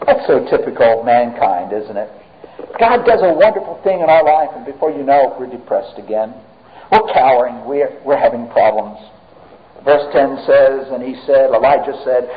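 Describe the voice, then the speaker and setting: A man preaching a sermon emphatically, swinging between raised and hushed delivery. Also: medium pitch. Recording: tinny phone-like audio.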